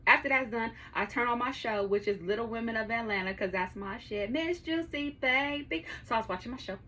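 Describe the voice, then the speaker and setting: A woman's voice: fairly high pitch, brisk, sharp tone. A woman in her thirties hosting her own podcast, telling a story to her listeners in a casual, profane way and laughing often, recorded in her home studio. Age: 30s. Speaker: podcast host.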